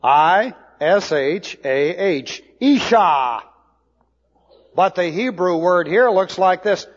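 A man teaching a sermon, slow and deliberate, spelling out Hebrew words letter by letter. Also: sits high, expressive. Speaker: Bible teacher. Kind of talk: expository sermon. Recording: dull lo-fi hall recording.

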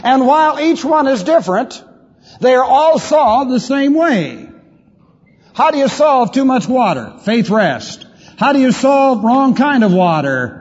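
A man teaching the Bible as a pastor, emphatic, asking rhetorical questions and swinging his pitch widely. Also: big pitch swings, unhurried, breathy edge. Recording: lo-fi reverberant hall recording.

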